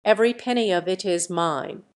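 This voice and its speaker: A woman voicing a stubborn, money-clutching young wife in an audiobook, sharp and defiant. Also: medium pitch, moderate pace, natural voice. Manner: sharp and defiant, then mincing.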